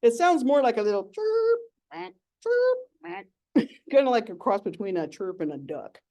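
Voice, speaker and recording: A woman's voice: a little high, very animated, normal speed, warm tone. A young adult woman giving a playful, giggly nature talk as an educator.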